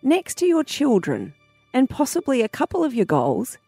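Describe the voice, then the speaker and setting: A woman co-hosting breakfast radio, chatty and quick to laugh. Her pitch swings widely as she talks. The studio sound is close and dry. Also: huge pitch swings, creaky, warm tone, slightly rough, no echo, soft background music. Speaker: radio co-host.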